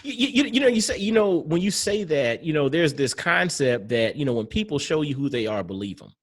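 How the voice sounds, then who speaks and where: High-pitched man, host, animated, lively intonation, affirming conversational style. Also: fairly quick. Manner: lively, affirming, many fillers and exclamations. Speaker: podcast host. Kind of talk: conversational interview.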